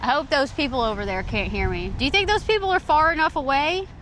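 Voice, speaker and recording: A woman's voice: sits high, fast talker, fairly bright tone, a little hiss or hum. A woman livestreaming outdoors on a beach by a port, chatting casually in a giggly, rambling, self-mocking way. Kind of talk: casual live stream chat.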